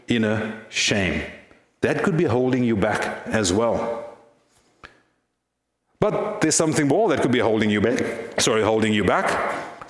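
A male pastor delivers an earnest sermon at a middle pitch, often turning to rhetorical questions. His voice echoes through the church.

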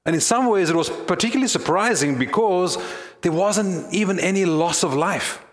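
A man's voice: high voice, lively intonation, normal speed, reverberant. Earnest male pastor preaching. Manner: earnest, storytelling, building to emphasis. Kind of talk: sermon.

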